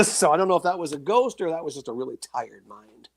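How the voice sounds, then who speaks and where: A man being interviewed as a guest, telling rambling, animated anecdotes full of fillers and restarts. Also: fairly high pitch, fast talker. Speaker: guest author sharing paranormal experiences. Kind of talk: casual storytelling interview.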